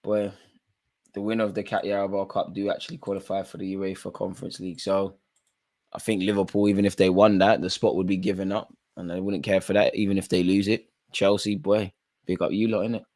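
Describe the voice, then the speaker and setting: A man's voice: sits low, level tone, a little fast, a little mellow. Slangy man doing football watchalong commentary. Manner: casual slangy banter, calling players by name. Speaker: watchalong host.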